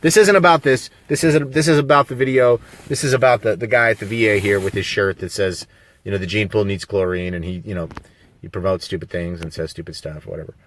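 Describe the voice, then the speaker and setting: A man's voice: on the low side, fairly even intonation, fairly quick, a bit bright, slight background noise. A man talking on a live video stream, rambling and emphatic, full of rhetorical questions. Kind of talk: casual live-stream monologue. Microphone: phone on a mobile signal.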